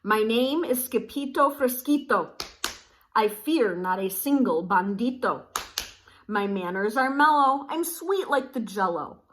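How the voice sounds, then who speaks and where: A woman voicing a playful young male kitten with a put-on Spanish accent, high and sing-song. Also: animated, unhurried, a bit bright. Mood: singsong.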